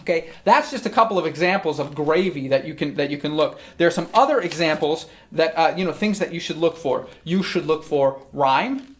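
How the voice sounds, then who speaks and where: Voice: mid-range voice, animated, a little fast. A teacher explaining a text in a recorded lesson, friendly, often checking in with "okay?". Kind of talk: recorded lesson on Shakespeare's language.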